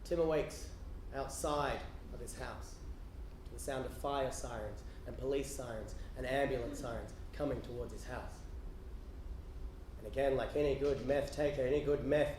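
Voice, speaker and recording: An Australian man doing stand-up storytelling, stammering restarts and swinging from hushed to shouting. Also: medium pitch, normal speed, roomy sound, slight background noise. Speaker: storyteller comedian. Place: theatre stage with live audience.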